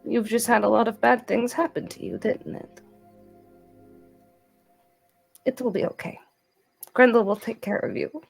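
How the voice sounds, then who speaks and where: A woman voicing a gentle, caring young woman who speaks softly and tenderly, calling herself by name. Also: fairly high pitch, moderate pace, gravelly, soft background music, voice pushed up.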